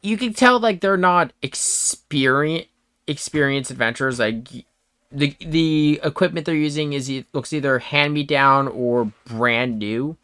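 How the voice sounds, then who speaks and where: A man's voice: a little high, a bit bright, smooth, no room sound. A man narrating as game master in a tabletop game, stopping and restarting often. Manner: halting, full of fillers and restarts.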